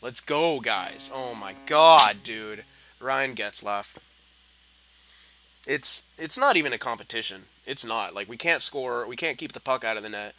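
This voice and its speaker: A young man giving gameplay commentary, frustrated and swearing, muttering low and then yelling at the game. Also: lively intonation, unhurried, soft background music. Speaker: gaming commentator.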